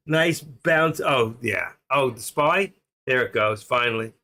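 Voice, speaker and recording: A man with a Queens New York accent hosts a stock trading livestream, rambling and joking as he thinks aloud in casual chat. His voice is medium-pitched, pushed and bright.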